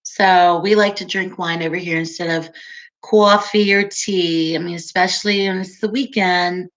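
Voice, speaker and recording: A woman's voice: on the low side, steady tone, normal speed, a bit bright. A woman in her forties hosting a casual livestream, chatting and reading viewer comments aloud with frequent laughter. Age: 40s. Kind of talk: casual live-stream chat.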